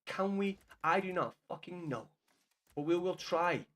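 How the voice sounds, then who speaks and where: A man's voice: high voice, expressive, a little slow, fairly bright tone. A man with a Scouse accent, chatting casually to his chat while he streams a game, swearing freely. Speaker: gaming streamer.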